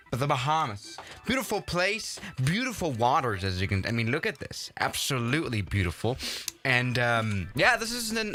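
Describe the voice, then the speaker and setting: A man chatting casually on a live stream while playing a flight simulator, excitable and often stumbling and restarting his sentences. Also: medium pitch.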